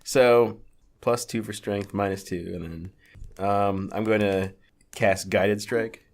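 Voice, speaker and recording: A man playing a tabletop game, calmly explaining his rolls with a playful streak. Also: on the low side, takes it slowly. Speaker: player. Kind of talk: casual tabletop play.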